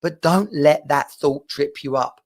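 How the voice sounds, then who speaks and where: A man's voice: a little high, a little slow. A middle-aged man from England, talking casually and ramblingly to camera with lots of asides. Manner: chatty and rambling, with frequent asides and restarts. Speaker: vlogger. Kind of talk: casual personal monologue to camera.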